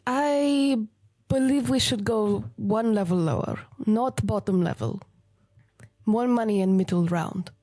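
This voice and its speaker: A woman's voice: medium pitch, measured pace, warm tone, dry recording, clean studio sound. A woman playing a tabletop game, giving her character clipped, broken English. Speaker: player. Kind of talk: casual in-character play.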